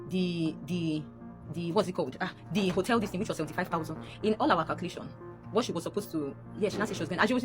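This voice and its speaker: A young adult woman with a Nigerian accent telling a painful personal story, animated and repeating herself, her voice rising sharply when upset. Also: on the low side.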